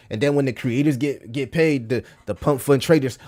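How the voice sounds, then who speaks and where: A man's voice: mid-range voice, moderate pace, hardly any pauses, darkish tone. A man talking casually to his livestream chat, full of slang, repeating himself and calling listeners bro. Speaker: crypto livestreamer.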